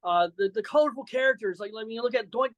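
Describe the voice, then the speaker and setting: A man's voice: very high voice, fast talker, no room sound, muffled recording. A man in his forties from Saint Louis, a wrestler guest chatting loosely with lots of fillers and some brash trash-talk. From Saint Louis, Missouri. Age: 40s. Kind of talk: casual interview chat.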